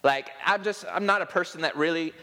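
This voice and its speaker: A man's voice: fairly high pitch, brisk, pushed and bright, big-room sound. Man preaching a conversational sermon. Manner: conversational, self-deprecating humor, acts out quotes. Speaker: pastor. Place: church sanctuary.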